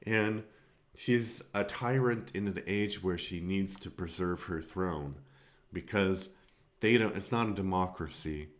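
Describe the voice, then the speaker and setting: A man's voice: low voice, a little slow. A man hosting a film review podcast, talking casually and rambling, with many fillers and restarts.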